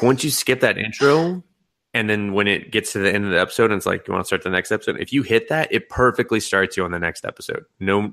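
Rambling, animated young man with a gravelly voice. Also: on the low side. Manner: rambling, animated, laughs often, swears. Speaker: podcast co-host. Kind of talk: casual chat.

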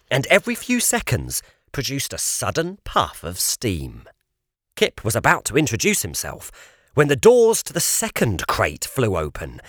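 A man narrating a children's audiobook at a slow, deliberate pace. His pitch moves a lot as he tells the story. The recording is dry and close, with no room sound. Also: no room sound. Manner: measured, expressive storytelling.

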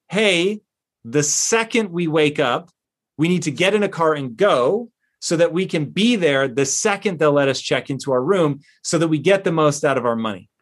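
A middle-aged man as a podcast guest, telling a personal story in an emphatic, animated way and swearing now and then. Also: a little high.

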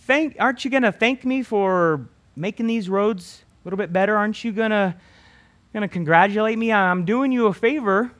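A man's voice: high voice, moderate pace, fairly bright tone, pitched above the performer's own voice. A man doing a smug, needy talking road sign. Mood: demanding praise. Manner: whiny, fishing for praise.

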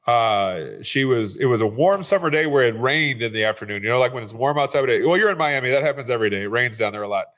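A man's voice: medium pitch, lively intonation, fast talker, few pauses, fairly bright tone. Earnest man telling real estate stories. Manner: earnest, repeats words when starting sentences. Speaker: real estate investor guest. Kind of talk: conversational storytelling.

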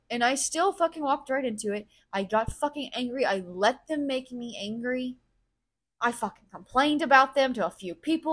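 With a fairly high, slightly bright voice, this woman speaks animatedly at a moderate pace. Hosting her podcast alone, she's blunt and swears freely, laying her emotions bare and working through her feelings out loud in a candid monologue.

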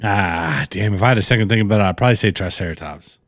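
A man's voice: on the low side, very fast, fairly bright tone, no echo, clean studio sound. A man co-hosting a casual podcast, slurring a little as he rants in a profane, fired-up pep talk. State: slightly slurring, tipsy. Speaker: podcast co-host.

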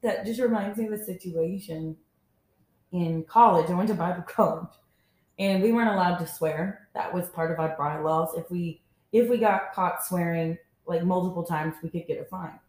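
A woman's voice: fairly low pitch, normal speed, darkish tone. A young woman co-hosting a podcast, telling a candid, wry story from her college days. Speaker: podcast co-host. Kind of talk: casual storytelling chat. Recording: roomy echoey sound.

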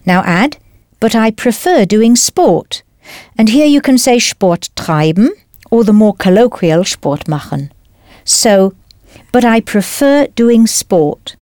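A woman teaching a language lesson in scripted narration, explaining patiently and clearly step by step. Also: on the high side, expressive, slow pace, darkish tone, dry recording, clean studio sound.

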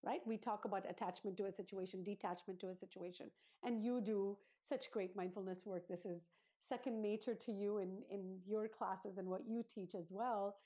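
Woman guest on a parenting interview, kinda husky, mellow dark tone, explains things step by step like a teacher. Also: mid-range voice, steady tone, normal speed, hardly any pauses. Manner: earnest, teacherly, lays out steps.

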